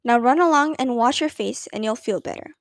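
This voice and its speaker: A woman voicing a patient but weary mother who speaks calmly to her daughters. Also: a little high, fairly quick, no echo, clean studio sound, natural voice. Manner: calm, patient.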